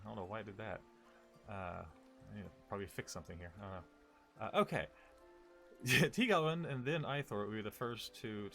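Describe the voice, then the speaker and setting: A man's voice: on the low side, fairly bright tone. Laid-back man running a tabletop game. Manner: rambling, laughing self-corrections. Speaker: game master.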